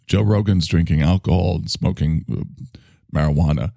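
A man's voice: deep voice, normal speed, vocal fry, mellow, no room sound, studio quality. A man hosting a solo comedic monologue, rambling in a wry, self-mocking way. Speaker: host.

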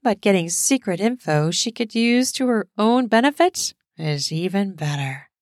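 A woman narrates an erotic audio story in a steady, explicit storytelling manner. Her voice sits close to the mic with a dry, dead sound. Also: medium pitch, measured pace, no room sound.

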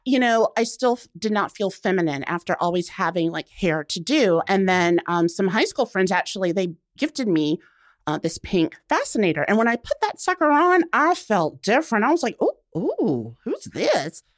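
A young woman talking casually as a podcast guest, expressive and quick to laugh, acting out quotes as she speaks. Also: medium pitch, dry recording, studio quality. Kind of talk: casual interview chat.

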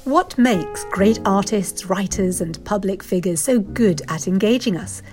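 Measured woman host narrating a trailer. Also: medium pitch, animated. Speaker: podcast host. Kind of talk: scripted podcast trailer narration. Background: faint music.

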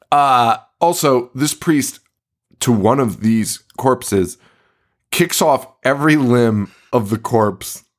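A man co-hosting a podcast in casual chat about a movie, swearing often and laughing a lot. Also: mid-range voice. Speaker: podcast co-host.

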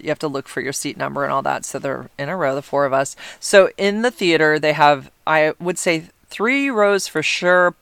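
A woman's voice: deep voice, a bit bright, smooth, no echo. A middle-aged woman hosting her own podcast, chatting casually and rambling with lots of fillers and restarts. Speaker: podcast host. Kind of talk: casual solo podcast chat.

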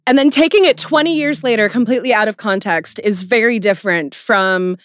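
A woman's voice: on the high side, brisk, no echo, studio quality. A woman podcast host in casual chat, talking bluntly and swearing freely.

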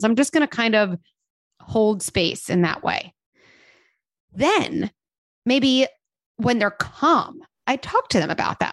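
A woman's voice: mid-range voice, big pitch swings, normal speed, dry recording. Earnest woman explaining parenting, dry sound. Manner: earnest, explanatory, acts out quoted voices. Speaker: parenting expert and host. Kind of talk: casual podcast explanation.

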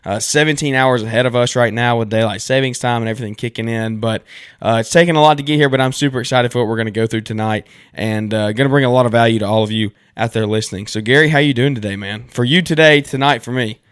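A man's voice: mid-range voice, quick pace, smooth, dry recording, clean studio sound. A man with a Southern American accent hosting a podcast interview, chatty and enthusiastic. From southern United States. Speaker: podcast host. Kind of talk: casual interview chat.

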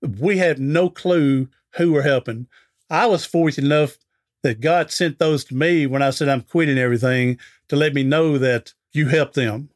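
Folksy man telling a story, slightly high voice. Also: moderate pace. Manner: folksy, chatty anecdote-telling with acted-out dialogue. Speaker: interview guest, author and speaker. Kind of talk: storytelling in a podcast interview.

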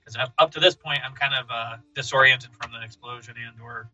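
A man's voice: medium pitch, fairly even intonation, a little fast, sharp tone. A man playing a tabletop game, hesitant and joking. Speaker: player. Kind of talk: tabletop role-play. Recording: distant, dull, with background music.

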